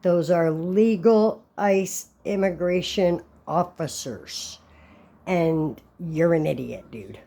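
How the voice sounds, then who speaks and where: Blunt low-voiced woman vlogger. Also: slow pace, warm tone. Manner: blunt and opinionated. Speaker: channel host. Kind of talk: casual commentary vlog.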